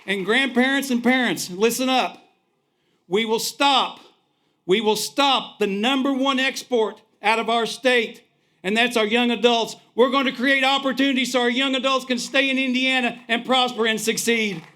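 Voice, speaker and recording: A man's voice: extremely high pitch, fairly even intonation, moderate pace, pushed and bright. A man with a Kentucky accent giving a folksy, punchy rally speech outdoors, repeating "folks" as he builds to introducing the next speaker. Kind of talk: rousing political rally speech.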